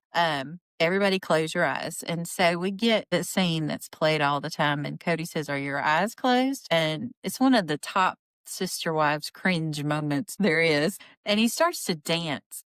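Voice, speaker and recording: A woman hosting a podcast, recapping a reality show in a chatty, indignant way and quoting people in lively voices. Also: on the low side, normal speed, no room sound. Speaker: podcast host. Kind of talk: casual commentary on a reality show.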